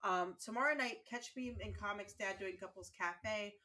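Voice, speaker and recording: A woman hosting a casual gaming livestream, chatting warmly with her viewers and sounding tired and yawning. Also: mid-range voice, normal speed.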